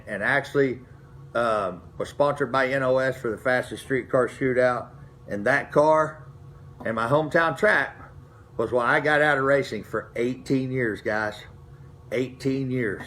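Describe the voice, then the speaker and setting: A man's voice: medium pitch, fairly bright tone, slight background noise. A middle-aged man, telling racing stories from his past in a folksy, rambling way, full of restarts. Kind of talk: casual storytelling to camera.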